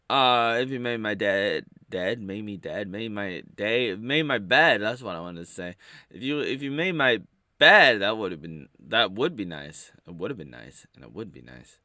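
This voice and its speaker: A man talking to camera in a casual, rambling monologue, halting and full of playful wordplay. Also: on the low side, expressive, bright, forceful tone, no room sound, clean studio sound. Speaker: vlogger.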